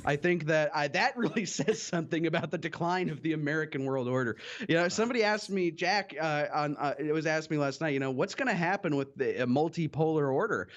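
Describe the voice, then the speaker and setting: A man on a podcast gives blunt, sardonic opinions in a fairly high voice. His audio sounds dull and muffled, as if through a lo-fi connection. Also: fairly quick, few pauses. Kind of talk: political podcast discussion.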